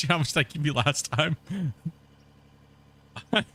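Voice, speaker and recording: Bright-voiced laid-back gaming streamer man. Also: on the high side, animated, takes it slowly, pauses often, slightly rough. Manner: laid-back, laughs often, chats with viewers and people at home. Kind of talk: casual live-stream chat. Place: home.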